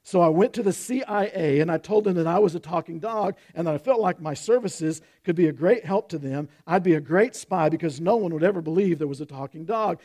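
Brag-happy talking dog, told by a man in an easygoing voice with a gravelly edge. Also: high-pitched, mellow. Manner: folksy tall-tale telling. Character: boastful retired male spy dog.

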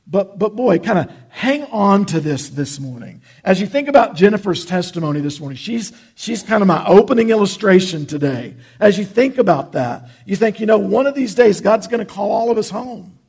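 A pastor preaches in an earnest, conversational way, stumbling and restarting as he goes. His voice sits high for a man and has a gravelly, husky edge. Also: animated, moderate pace, few pauses, darkish tone. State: choked up with emotion. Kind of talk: sermon.

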